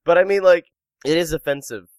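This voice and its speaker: Fairly high-pitched and brisk, a man with a smooth voice runs a jokey comedy podcast, reading the news aloud and punning as he chats. There's no echo, but the audio quality is poor.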